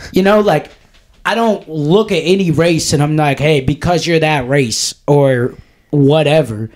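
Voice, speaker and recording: A man's voice: on the high side, a little slow, a little mellow. A man with a slightly raised voice rambles through a casual podcast chat. He is blunt and profane and wanders between thoughts as he talks. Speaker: podcast co-host.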